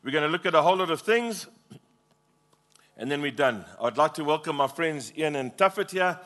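A man's voice: a little high, lively intonation, fairly quick, fairly bright tone. A middle-aged man preaching a passionate sermon as pastor, prompting the congregation to repeat lines.

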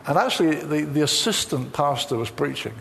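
A man's voice: on the high side, expressive, brisk, gravelly, a bit bright, slight background noise. A man preaching a sermon, telling a personal story full of quoted dialogue. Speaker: pastor.

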